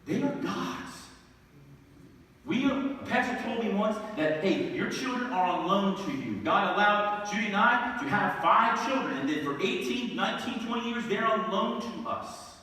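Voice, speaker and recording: A middle-aged male pastor preaching an earnest sermon, his somewhat high voice dropping low and then rising into emphatic bursts. He is heard from a distance in a big echoing hall with a long reverb tail and faint room noise. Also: expressive, normal speed. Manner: earnest, swells from quiet to emphatic. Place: church sanctuary. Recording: echoey hall, distant mic.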